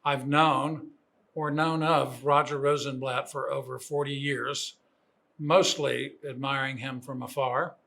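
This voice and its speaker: An older man, a program director, giving formal commencement remarks in a measured, admiring way. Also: mid-range voice, flat delivery, vocal fry, pushed and bright. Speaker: program director introducing the speaker.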